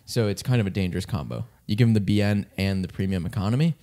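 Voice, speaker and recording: A man in casual chat, joking and chiming in with quick banter. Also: fairly low pitch, dark tone.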